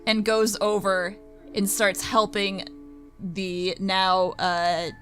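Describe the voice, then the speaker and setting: A woman's voice: mid-range voice, flat delivery, slow, fairly bright tone, faint music behind. A woman playing a tabletop role-playing game, speaking casually and acting out her character. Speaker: player.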